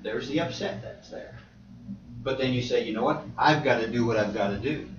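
A male preacher giving an animated sermon, with sudden loud exclamations. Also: a little high, slight background noise. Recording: roomy, distant, slightly dull.

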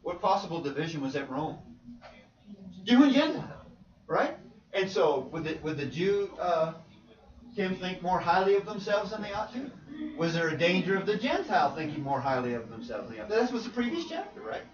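This preacher's high, sing-song voice moves a little fast as he questions his church class and hammers points through repetition. The Bible teaching takes place in a church meeting room and is recorded with a distant, dull, roomy quality.

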